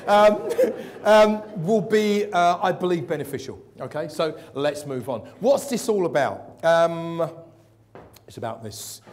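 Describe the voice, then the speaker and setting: Speaking to an audience in an event hall, this keynote speaker mixes motivation with humor and fires questions at the crowd. His mid-range voice is animated and moves at a moderate pace.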